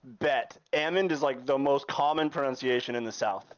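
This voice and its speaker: A woman's voice: rumbling low, moderate pace, highs cut off. A woman joining a casual chat who teases and argues her point. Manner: teasing, argumentative. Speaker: stream participant.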